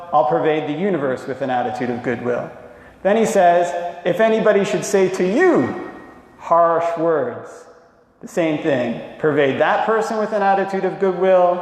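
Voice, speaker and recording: A man gives a dhamma talk in a slow, deliberate storytelling manner, now and then chuckling lightly. His voice sits a little high for a man. The recording is very echoey, with a long reverb tail like a big hall. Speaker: monk teaching a dhamma talk.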